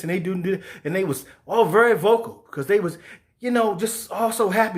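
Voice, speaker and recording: A fired-up man rants about boxing, swearing freely. His voice sits high for a man. He keeps slipping into mocking put-on voices for the people he quotes. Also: fairly quick. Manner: profane, animated, acts out quoted voices. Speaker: sports show host. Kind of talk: heated boxing commentary rant.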